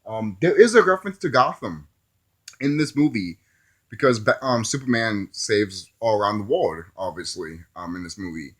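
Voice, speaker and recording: Laughing, rambling man with lively pitch. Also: normal speed. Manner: rambling, laughs often at own jokes. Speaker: movie reviewer. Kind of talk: casual spoken review.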